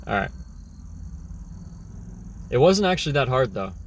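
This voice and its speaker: A man's voice: medium pitch, sing-song, takes it slowly, slight background noise. A young man talking through a casual, rambling reflective monologue, often restarting his words. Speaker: vlogger.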